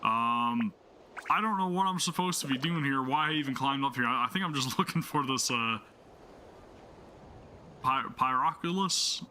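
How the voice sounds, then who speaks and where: A man hosts a gaming channel, chatting enthusiastically and casually as he plays. His medium-pitched voice is animated and sharp at normal speed, with long pauses, and he rambles with plenty of fillers and restarts. A little hiss or hum is audible.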